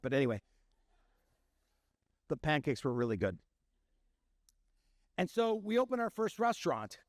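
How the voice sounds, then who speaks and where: A man's voice: high-pitched, no room sound, studio quality. A middle-aged man, a chef and restaurant owner from Milwaukee, telling stories to an audience and acting out the voices of the people in them. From Milwaukee, Wisconsin. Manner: animated storytelling, acting out quoted voices. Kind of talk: storytelling talk to an audience.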